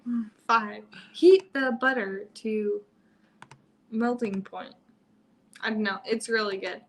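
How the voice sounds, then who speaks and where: A woman's voice: fairly high pitch, slow pace. A woman, a mother and family vlogger, chatting casually with viewers and telling stories with frequent laughs. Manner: chatty storyteller, laughs often. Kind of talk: casual live chat with viewers.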